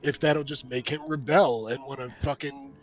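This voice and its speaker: A man's voice: medium pitch, fairly even intonation, normal speed, muffled recording, soft background music. A man chatting casually on a stream, hesitant and often restarting his sentences. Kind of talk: casual chat on a live stream.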